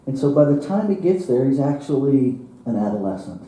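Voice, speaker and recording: A male minister giving a sermon, telling a parable slowly and dramatically, with chuckles and hushed drops. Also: mid-range voice, big pitch swings. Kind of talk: sermon storytelling. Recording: roomy church hall, from far off.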